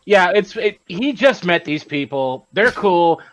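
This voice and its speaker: A man at a tabletop game with a high, lively voice. He makes wry, understated asides about his character, recorded close and dry. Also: a little slow, dry recording, poor audio. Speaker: player.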